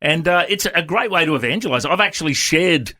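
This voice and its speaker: Lively Australian pastor, bright voice. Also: male voice, a little high, brisk. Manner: animated, jokey, laughs often. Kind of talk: casual radio chat. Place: radio studio.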